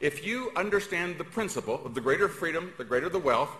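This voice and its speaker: A man giving a public speech in a folksy, emphatic way, pausing for emphasis. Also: on the high side, lively intonation, sharp tone. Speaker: speaker. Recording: echoey hall.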